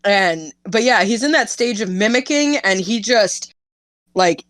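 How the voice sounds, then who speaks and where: A young woman chatting as a podcast guest, telling stories in an animated way, laughing often and swearing freely. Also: mid-range voice, a little slow, no echo. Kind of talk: casual interview chat.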